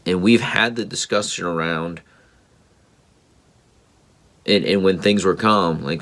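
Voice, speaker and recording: Deep-voiced guy in his 30s, podcast host, rambly heartfelt storytelling. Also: slow, pauses often, a bit bright. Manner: earnest, rambling, frequent um and uh restarts. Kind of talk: personal storytelling monologue.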